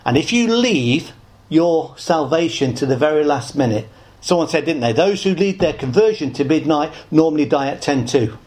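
A man preaches an evangelistic sermon in an earnest, pleading way. His voice sits a little high and climbs on the words he stresses, then sinks soft at the ends of phrases. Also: animated, normal speed. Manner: earnest, pleading, rising on emphasis and dropping soft.

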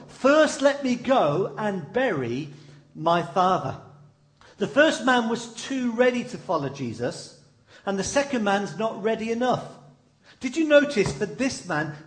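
A man delivering a sermon with a high-pitched voice. He tells stories animatedly and leans into dramatic pauses. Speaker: preacher.

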